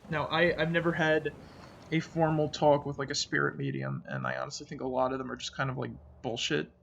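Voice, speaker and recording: A man with a deeply gravelly, creaky voice tells a story of a frightening night in a rambling, halting way, full of restarts and filler. His voice sinks to a murmur when he recalls his own fearful thoughts. The recording is a bit muffled with faint background noise. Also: lively intonation, a bit bright. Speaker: channel host. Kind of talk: casual storytelling.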